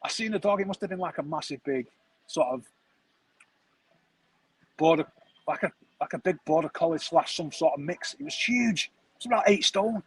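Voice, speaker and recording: A man's voice: a little high, moderate pace, long pauses, breathy edge, no echo, poor audio. A man, telling a rambling, chatty story full of slang as a streamer. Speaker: football streamer. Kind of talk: casual storytelling chat.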